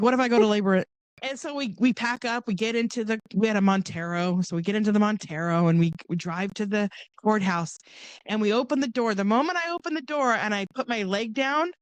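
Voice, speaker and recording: Chatty woman telling a story. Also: no room sound. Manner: animated, acts out quoted voices with big pitch jumps. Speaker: podcast guest. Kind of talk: casual storytelling.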